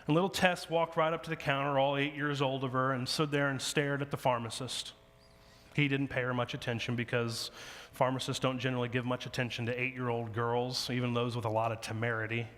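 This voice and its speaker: A man's voice: medium pitch, fairly quick. Guy preaching in a church, tells a story and does the voices, long echo off the hall. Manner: animated storyteller acting out dialogue. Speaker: pastor. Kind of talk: sermon storytelling.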